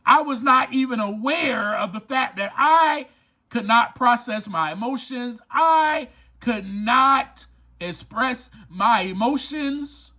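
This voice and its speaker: A man hosts a motivational podcast in an emphatic, preachy way, circling back to repeat his points. His voice sits high and bright. He talks slowly and with lots of swing in pitch. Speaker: podcast host and author. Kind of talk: motivational recovery podcast talk.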